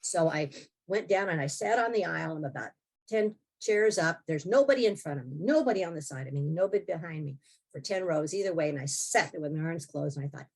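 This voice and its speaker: Husky-voiced woman in her sixties. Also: low-pitched, animated, a little fast, darkish tone. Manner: wry and blunt, laughs often while telling. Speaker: podcast guest, author. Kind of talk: candid personal storytelling.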